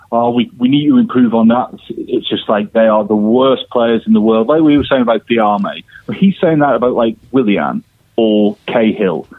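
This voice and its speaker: A man's voice: lowish voice, no echo. A man co-hosting a casual football podcast in an easygoing way, laughing often. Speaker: podcast co-host. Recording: dry, phone-like line.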